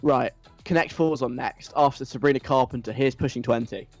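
A man hosting a casual radio show, rambling and self-deprecating, sometimes mimicking loud chanting. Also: medium pitch, fairly quick, no room sound, soft background music. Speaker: radio host.

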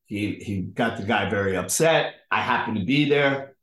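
A man's voice: on the low side, moderate pace, roomy sound. A man who is a podcast guest tells a story in a casual, conversational way and acts out the people in it. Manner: animated storyteller acting out the people in his stories.

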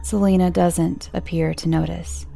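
A woman with a low, gravelly voice narrating a first-person horror story in hushed, tense tones. Soft music plays faintly beneath her reading. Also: level tone, a little slow.

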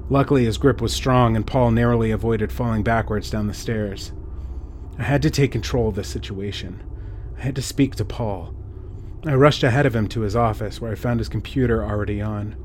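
A man reading a scripted horror story in a measured way, dropping to a hush at tense moments. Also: on the low side, steady tone, slight background noise. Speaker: narrator. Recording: faint music underneath.

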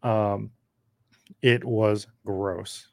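A man with a lowish, creaky, slightly worn voice hosts a podcast, talking extremely slowly in a steady tone. He rambles casually while drafting live and responding to viewer comments. No room sound can be heard.

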